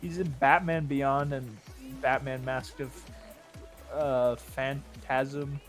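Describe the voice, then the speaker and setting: A man's voice: medium pitch, fairly even intonation, slow, soft background music. A man hosting a casual podcast-style chat on his stream, rambling with lots of "like" and restarts. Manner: rambling, heavy use of "like", frequent restarts. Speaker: streamer host.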